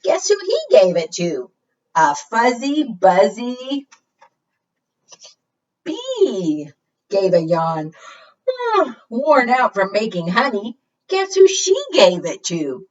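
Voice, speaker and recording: A woman hosting a library storytime, reading picture books aloud to preschoolers in a sing-song, animated way that invites them to join in. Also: mid-range voice, slow. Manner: sing-song, animated, coaxing audience participation. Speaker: children's librarian, storytime host. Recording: slightly distant, dull lo-fi sound.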